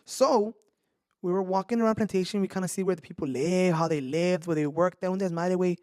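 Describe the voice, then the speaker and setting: A man telling scary stories on a casual podcast, animated, swearing and slipping into slang. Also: sits high, brisk, clear, resonant tone, dry recording, studio quality. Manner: animated, swears a lot, mixes in Spanish slang. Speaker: podcast host. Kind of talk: casual storytelling chat.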